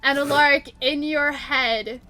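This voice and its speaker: A woman running a tabletop game, playful and quick to laugh. Her voice is high and bright, and she narrates at an unhurried pace. Faint music plays behind her. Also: steady tone. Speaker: game master.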